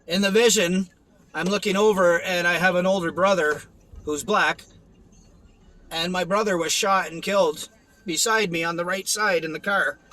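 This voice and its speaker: A man's voice: high voice, fairly even intonation, normal speed, sharp tone, poor audio. A young man giving a rambling, earnest personal testimony, with many restarts and fillers. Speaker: testimony vlogger.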